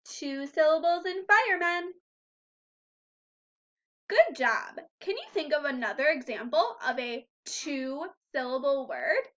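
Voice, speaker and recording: A woman teaching phonics to young children in a high, bright voice. She talks slowly and clearly, stretching out sounds and praising often. The recording is a little dull and lo-fi. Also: animated. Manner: slow, clear, encouraging teacher talk with drawn-out sounds. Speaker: first grade teacher.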